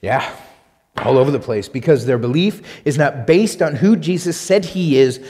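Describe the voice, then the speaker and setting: A man's voice: a little high, normal speed, mellow, long reverb tail. A man preaching a sermon as pastor, emphatic and repetitive, with rhetorical questions and sudden bursts of force. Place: church sanctuary.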